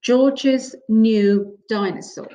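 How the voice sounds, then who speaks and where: A woman teacher reading a picture book aloud to young children in an expressive storybook voice. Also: fairly high pitch, muffled recording. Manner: slow, expressive, sing-song.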